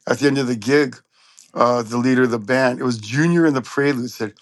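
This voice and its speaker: Speaking briskly in a mid-range voice, this trumpet player from Southern California is a guest in an interview. He's a lively storyteller who performs the quotes he recounts, and the recording has no room sound.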